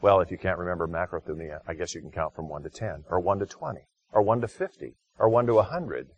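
Low-voiced man preaching a conversational sermon. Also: lively intonation, husky, dry recording, lo-fi sound. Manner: conversational preaching with sudden loud, slow emphatic phrases. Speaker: pastor.

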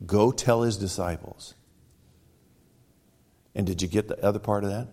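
A man preaching a sermon, retelling a story dramatically, with sudden loud exclamations and quiet, hushed stretches. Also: on the low side, moderate pace, long pauses. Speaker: pastor.

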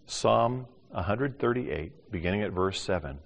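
An older man preaching a sermon as pastor, animated, acting out little voices and swinging from loud to hushed. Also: on the low side, unhurried. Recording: long hall reverb.

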